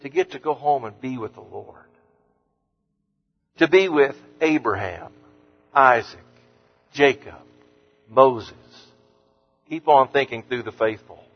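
A man preaching an earnest sermon as pastor, lifting his voice on scripture quotes and dropping low and soft on words of comfort. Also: slow, pauses often. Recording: muffled sound with long hall reverb.

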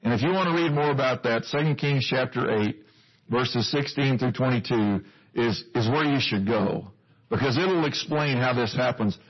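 A man's voice: medium pitch, moderate pace, husky. A male preacher giving a sermon, teaching earnestly and putting questions to his listeners, on a dull lo-fi recording.

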